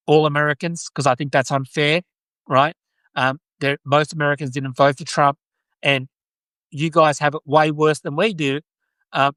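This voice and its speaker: A chatty Australian man with a fairly high voice hosts a casual live stream, rambling along earnestly. The sound is dry and close, with no room echo at all. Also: a bit bright. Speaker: podcast host.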